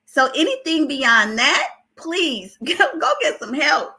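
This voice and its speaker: A woman's voice: high voice, big pitch swings, takes it slowly, sharp tone. A middle-aged woman with an Oakland accent hosting a casual gossip livestream, greeting viewers by name and laughing between remarks. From Oakland, California. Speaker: celebrity gossip livestream host.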